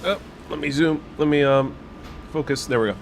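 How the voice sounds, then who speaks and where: Here a live-stream city vlogger sits in a cafe, tasting dishes and chatting with his audience, thinking aloud with fillers and restarts, captured on a wireless clip-on mic. He speaks at normal speed in a fairly high voice over slight background noise.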